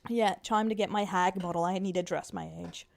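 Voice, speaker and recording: A woman streamer reacting to a video in a casual, chatty way. She stammers now and then and laughs often, her voice sitting at an ordinary middle pitch. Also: steady tone, brisk.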